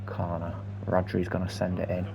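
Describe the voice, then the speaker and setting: A young man commentating on his own football video game match, moving between quiet muttered asides and excited outbursts. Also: sits low, normal speed, vocal fry, noisy background. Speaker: gaming YouTuber. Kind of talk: gameplay commentary.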